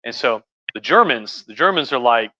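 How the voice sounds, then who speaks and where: A man with an expressive, medium-pitched voice speaks at normal speed, sounding pushed and bright through dull, muffled audio. Tipsy from wine, he hosts a casual history livestream from a room at home, crude and profane, rambling and restarting his sentences.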